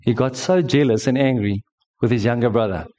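A preacher with a mellow, mid-range voice and a brisk pace delivers a sermon at a church service. He tells emphatic stories and trades jokes with his listeners.

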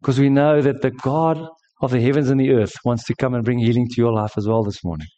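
A man's voice: mid-range voice, fairly even intonation, fast talker, dark tone, lo-fi sound. A man preaching a sermon to a congregation. He tells stories emphatically and jokes with the listeners. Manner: storytelling, emphatic, joking with the congregation. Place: church service.

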